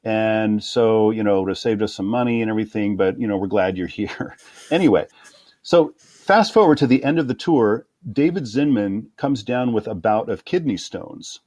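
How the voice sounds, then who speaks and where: A middle-aged man with a low voice tells anecdotes in a relaxed interview. He slips into other people's voices to act out the quotes, and laughs easily. The sound is dry and close. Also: normal speed, dry recording. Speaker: guest conductor. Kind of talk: storytelling interview.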